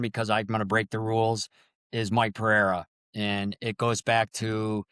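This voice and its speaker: Earnest low-voiced man telling stories. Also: fairly bright tone, clear, resonant tone, no echo, clean studio sound. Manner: earnest, emotional storytelling. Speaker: guest, sports official. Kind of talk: storytelling interview.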